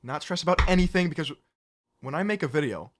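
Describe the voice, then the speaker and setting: Easygoing young male co-host, slightly high voice, casual chat. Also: animated, fast. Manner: laid-back, laughs along with banter. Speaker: podcast co-host.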